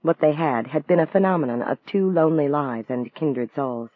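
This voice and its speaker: Guy reading an audiobook, calm and even, slightly high voice, tinny phone-like sound. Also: moderate pace, no echo. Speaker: audiobook narrator. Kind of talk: scripted narration.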